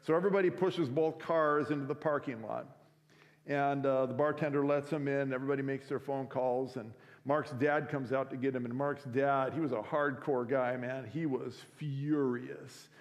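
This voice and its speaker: A man tells a story to students in a relaxed, chatty way, full of fillers. His pitch sits at an average level. A long hall reverb surrounds his voice. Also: moderate pace. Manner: casual, conversational, many fillers. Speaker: week of prayer speaker. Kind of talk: sermon storytelling. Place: school chapel or auditorium. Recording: echoey hall.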